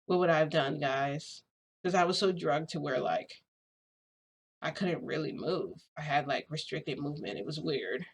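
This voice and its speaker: A woman's voice: sits low, normal speed, gravelly, slightly rough. A woman telling a rambling story to her viewers in a casual vlog, full of "like" and small laughs. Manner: rambling, filler-heavy, frequent "like"; laughs between phrases. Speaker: vlogger.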